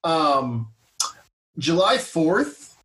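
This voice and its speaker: A man's voice: a little high, big pitch swings, drawn-out words, bright, forceful tone, distant mic, slight background noise. A man in his thirties co-hosting a podcast, talking casually and rambling with many fillers. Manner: rambling, chatty, hesitant with fillers. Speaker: podcast co-host. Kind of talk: casual chat. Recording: echoey room, a bit off-mic.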